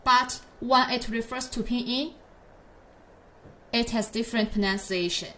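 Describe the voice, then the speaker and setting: Woman, pinyin teacher, slow, patient, slightly high voice, models syllables to repeat. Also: bright, forceful tone. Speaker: Chinese teacher. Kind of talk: pinyin lesson for learners.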